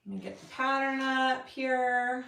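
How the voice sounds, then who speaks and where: A woman's voice: high-pitched, measured pace, gravelly, bright, forceful tone, slight background noise. A woman hosting a live sewing tutorial, chatting casually and greeting viewers as she works. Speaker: sewing livestream host.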